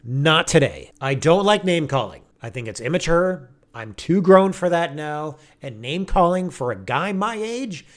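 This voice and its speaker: A man giving casual video commentary with an animated, sarcastic and preachy manner. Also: on the high side, moderate pace, hardly any pauses. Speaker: online commentator.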